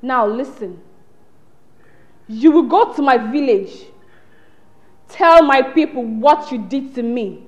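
An actress playing the vengeful ghost of a young woman, with a Nigerian accent, giving slow, commanding orders. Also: high voice, lively intonation. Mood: menacing.

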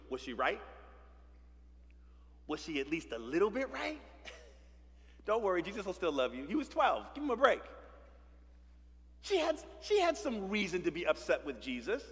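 High-voiced pastor preaching in a reverberant church. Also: male voice, fairly bright tone. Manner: conversational preaching with rhetorical questions and playful asides. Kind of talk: sermon. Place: church sanctuary. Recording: long reverb of a church sanctuary.

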